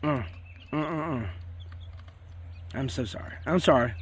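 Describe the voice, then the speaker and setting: Out on the farm by his chickens, a man from South Carolina hosts his homesteading channel at a slow pace, his medium-pitched voice fairly bright over slight background noise. He's folksy and chatty, rambling casually and using y'all often.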